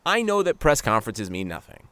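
A man co-hosting a sports podcast, chatting casually and ribbing with animated sarcasm. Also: on the low side, brisk, no echo. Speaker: podcast co-host.

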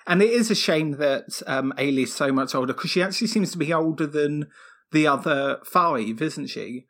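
A man's voice: on the high side, moderate pace, fairly bright tone. A man guesting on a book podcast, talking thoughtfully with plenty of hesitations. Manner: thoughtful, hesitant, many fillers. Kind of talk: casual book discussion.

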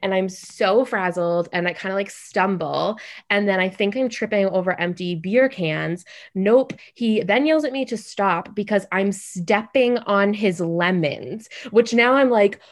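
A young adult woman telling a funny story in casual podcast chat, animated and full of "like". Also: mid-range voice. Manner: animated, fast, heavy use of "like".

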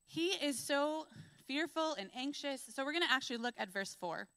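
A young adult woman giving a church sermon, telling stories in a lively way and acting out what people say. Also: high voice, normal speed, no room sound. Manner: lively storytelling, acts out quotes. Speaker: preacher.

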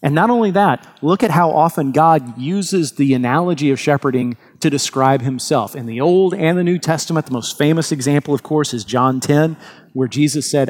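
A man's voice: fairly high pitch, moderate pace, darkish tone. A man preaching a sermon as pastor, earnest and emphatic, often restarting his words.

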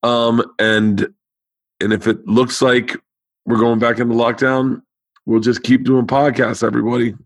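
A man's voice: medium pitch, little pitch movement, measured pace, dry recording. A man hosting his podcast in casual chat, his voice tired and lacking power, rambling with stuttering restarts. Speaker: podcast host.

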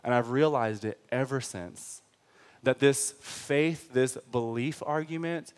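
Impassioned male preacher, forceful then hushed. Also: medium pitch, a little slow. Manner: addresses listeners as friends. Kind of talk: sermon.

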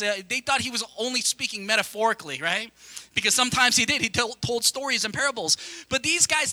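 Speaking with an extremely high pitch, a young pastor preaches a sermon directly to his congregation. His delivery is lively and conversational, full of quick asides, and the recording has no room sound.

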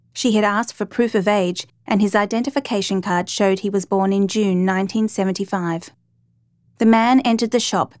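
Woman, true crime narration, steady measured reading, dry close sound. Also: medium pitch, dry recording.

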